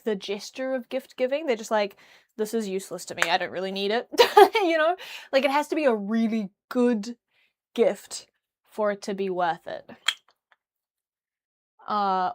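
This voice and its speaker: A woman's voice: on the high side, measured pace. A young woman from New Zealand chatting casually on a livestream while tidying her room, rambling and humming to herself. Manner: rambling, chatty, hums and sings nonsense syllables while tidying. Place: her bedroom.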